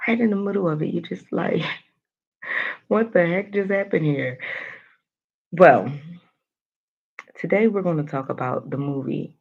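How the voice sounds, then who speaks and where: A woman giving a motivational daily vlog, animated and talking straight to her viewers with playful asides. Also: on the low side, creaky, husky, phone-quality sound. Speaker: motivational vlogger.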